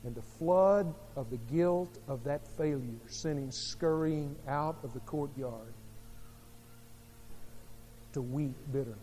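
A man preaching a sermon as pastor, telling a story dramatically, with sharp swings between soft and loud. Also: mid-range voice, slow, pauses often, slight background noise. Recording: long hall reverb.

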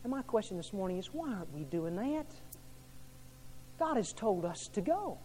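A man preaching a sermon as pastor, swinging from hushed to loud and repeating his questions to the congregation. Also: high-pitched, big pitch swings, moderate pace, pauses often, husky.

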